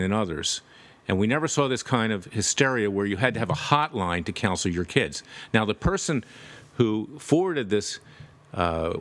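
A man's voice: lowish voice, fairly bright tone. A man delivering emphatic, indignant political commentary straight to his audience. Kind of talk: direct-to-camera political commentary.

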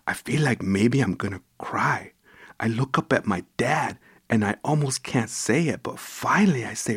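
A man reading his own first-person story aloud with an unhurried, intimate and expressive delivery. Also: mid-range voice, husky, no room sound, clean studio sound. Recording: music playing behind the voice.

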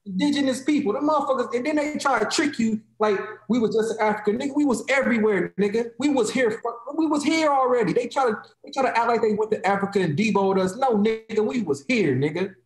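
A man's voice: extremely high pitch, fast, few pauses, roomy sound. A man in heated, profane podcast talk, mocking others in quoted voices.

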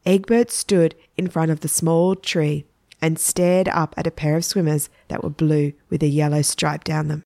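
A woman narrating a children's story in a plain, even manner. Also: deep voice, normal speed, dry recording, clean studio sound.

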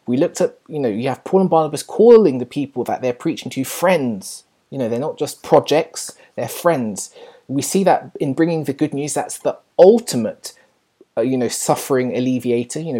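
A woman with an unusually low, mellow voice gives an earnest church teaching. Her tone is a little husky, and she speaks encouragingly, trailing into fillers and quick self-corrections.

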